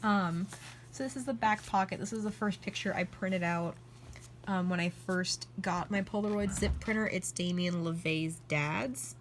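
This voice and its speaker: An excitable young woman talks her way through a journal for her channel, rambling from one thought to the next and leaning on "like" constantly. Her voice sits at an ordinary middle pitch. A faint hum of room ambience runs underneath. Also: moderate pace. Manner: rambling and excitable, heavy use of "like". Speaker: vlogger. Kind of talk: casual chat flipping through a journal.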